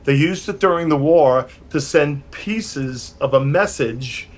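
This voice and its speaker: An older man from New York, a musician guest in a home studio full of gear, telling animated, rambling stories with many restarts over a video call. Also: fairly high pitch, takes it slowly.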